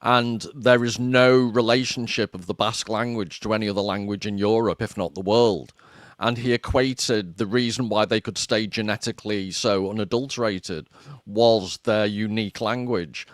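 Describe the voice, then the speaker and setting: A man's voice: fairly low pitch, fairly even intonation, normal speed, no echo, studio quality. A man from Liverpool joining a casual panel chat, teasing and chatty. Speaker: podcast panelist.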